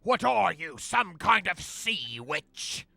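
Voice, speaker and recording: A man voicing rowdy half-drunk male pirates who shout gruffly. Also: high voice, sing-song, slow pace, pitched above the performer's own voice, heavily acted. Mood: mocking.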